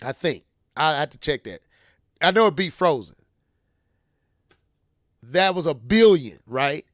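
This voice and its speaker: A high-pitched man riffs on video games on a podcast, excitable and playful, his speech loose and slangy. His voice sits high for a man and is recorded dry and close, with no room sound around it. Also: a little slow, no echo. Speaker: podcast co-host. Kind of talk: casual gaming chat.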